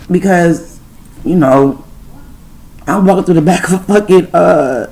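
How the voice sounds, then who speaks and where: Gravelly-voiced woman telling a story. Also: on the low side, poor audio. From Detroit, USA. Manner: profane, rambling spiritual storytelling. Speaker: channel host. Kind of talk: storytime vlog.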